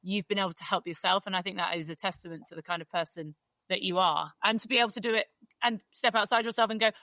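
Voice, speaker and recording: A woman's voice: medium pitch, quick pace, sharp tone, dry recording. Gushing woman podcast host, dry sound. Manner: effusive, gushing. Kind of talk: casual chat.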